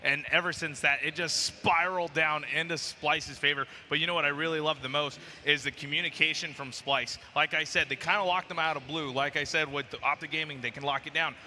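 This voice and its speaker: A man with a very bright, cutting voice recaps the match play by play. A long hall reverb trails behind him, and a little noise sits under his voice. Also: a little high, fairly even intonation, a little fast, hardly any pauses. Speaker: esports analyst. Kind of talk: analysis desk chat.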